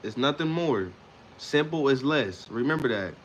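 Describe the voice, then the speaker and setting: A man talking straight to his livestream viewers with a motivational message. He speaks emphatically and repeats his lines in a preacher-like rhythm, and his voice sits at an average pitch for a man. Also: animated, moderate pace, a little hiss or hum. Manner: emphatic, repetitive, preacher-like cadence. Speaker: livestream host. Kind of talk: motivational live talk.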